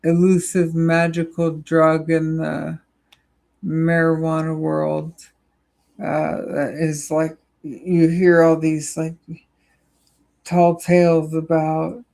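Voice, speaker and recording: A young adult livestreamer chatting casually with viewers in a slow, halting, weary way, with many "like" and "uh" fillers. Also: mid-range voice, monotone, creaky, darkish tone, rough recording. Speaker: livestreamer answering chat.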